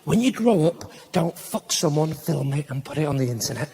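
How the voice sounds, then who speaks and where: Northern english comic on stage, loud punchlines, bit of background noise from the live room. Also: male voice, fairly high pitch, moderate pace. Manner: animated, shouting punchlines, acting out voices. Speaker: stand-up comedian. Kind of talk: live stand-up comedy. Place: theatre stage with audience. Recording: live theatre recording with faint room noise.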